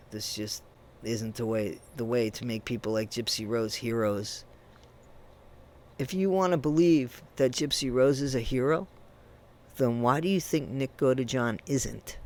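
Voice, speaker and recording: Emphatic and indignant, this man delivers a ranting commentary on true crime, lurching from loud outbursts down to quiet muttering.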